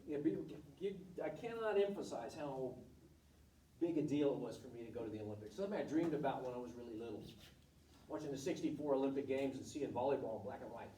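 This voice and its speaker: A man's voice: mid-range voice, fast talker, warm tone, a little hiss or hum. A middle-aged man, a volleyball coach, giving a candid, blunt talk to students and telling stories from his career. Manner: candid, blunt, storytelling with acted quotes. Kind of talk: informal presentation to students. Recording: echoey room, voice from far off.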